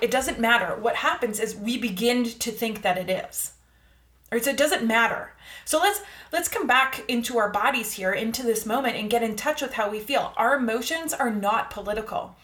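A woman with a fairly high voice speaks in a calm, earnest coaching tone. She often checks in with her listeners and stretches out the words she wants to land. The sound is roomy, with a clear echo around her. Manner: calm, earnest, coaching tone with frequent "all right?" check-ins; slow, drawn-out emphasis on key words. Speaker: podcast host. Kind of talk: reflective self-help monologue.

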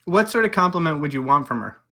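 A man's voice: on the high side, animated, fast talker, pushed and bright. A man hosting a casual chat, joking and playful.

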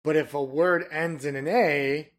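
A man's voice: a little high, steady tone, unhurried. A man co-hosting a podcast, chatting casually and telling rambling, profane stories. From Michigan. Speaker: podcast co-host. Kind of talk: casual chat.

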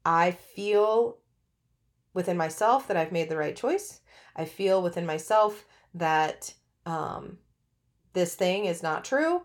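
A woman's voice: lowish voice, expressive, slow pace. A middle-aged woman hosting a podcast, telling her own story in a candid, chatty way and often laughing mid-sentence. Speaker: podcast host. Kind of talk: personal storytelling monologue.

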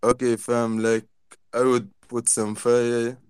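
A man's voice: mid-range voice, flat delivery, takes it slowly, a little mellow, clear, resonant tone, dry recording. A man in casual chat, easygoing, using lots of slang. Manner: easygoing slang, says fam.

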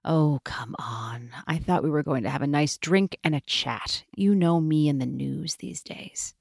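A dark and ancient war goddess, voiced by a woman storyteller, speaks low and weary. Her scorn comes through in a dry, close-miked voice. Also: unhurried, gravelly, no echo, exaggerated voice. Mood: scornful. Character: brooding ancient female war goddess, disdainful.

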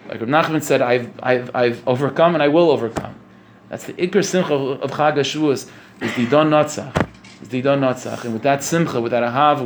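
A man's voice: mid-range voice, a little hiss or hum. Man telling a sermon story. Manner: conversational, repeats phrases, asks "you know what I'm saying?". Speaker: religious speaker.

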